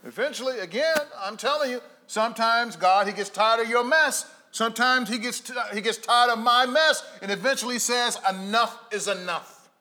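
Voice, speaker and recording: A male pastor preaches with a high-pitched, brightly ringing voice. He tells stories to his congregation, dropping into quiet, hushed stretches before rising back to emphatic calls. His delivery has the rhythm of a storytelling preacher. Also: moderate pace, hardly any pauses. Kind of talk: sermon.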